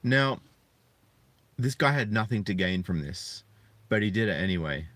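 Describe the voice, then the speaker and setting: A man in his thirties talking earnestly and reflectively to viewers on a live stream, often halting to find his words. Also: lowish voice, expressive, a bit bright, no room sound. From Australia. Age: 30s. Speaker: channel host. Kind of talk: live-streamed personal talk.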